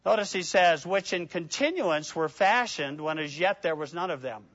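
A man preaching a sermon, swinging between loud emphatic peaks and hushed prayerful asides, reading scripture slowly and deliberately. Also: on the high side, expressive, dry recording, highs cut off. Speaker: pastor.

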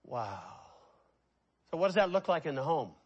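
Male pastor, sermon delivery, slightly high voice, slow stressed phrases with hushed fast asides. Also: sing-song, slightly rough, muffled recording. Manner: preaching with slow drawn-out emphasis and sudden quiet asides.

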